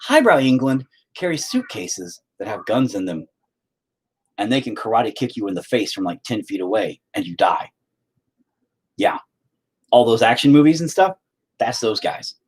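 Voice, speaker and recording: Lively, profane man streaming casually. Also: mid-range voice, moderate pace, pauses often, slightly rough. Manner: rambling, profane, teasing chat. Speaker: livestream host. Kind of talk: casual livestream chat.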